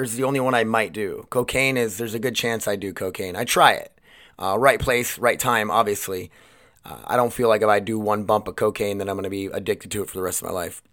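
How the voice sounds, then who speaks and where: In a solo episode of his own podcast, a young man talks loosely and at length, often starting sentences over and cursing without restraint. His voice sits at medium pitch with a bit of brightness.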